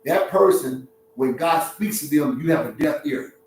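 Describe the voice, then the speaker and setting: A man who is a relationship counselor, talking to his livestream chat in an animated, preachy way with street slang. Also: on the high side, moderate pace. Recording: very echoey room, distant mic, faint hum.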